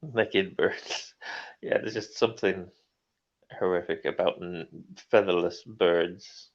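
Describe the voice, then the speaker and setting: A man's voice: sits low, fairly even intonation, measured pace, highs cut off. A middle-aged man co-hosting a livestream, chatting casually, laughing often and reading chat comments aloud. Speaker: livestream co-host.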